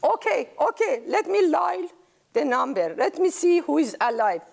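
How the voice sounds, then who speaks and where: A woman's voice: high-pitched, very animated, moderate pace, vocal fry, a little mellow, pitched above the performer's own voice, exaggerated voice. A woman voicing a confused, flustered great-grandmother who fusses and repeats herself.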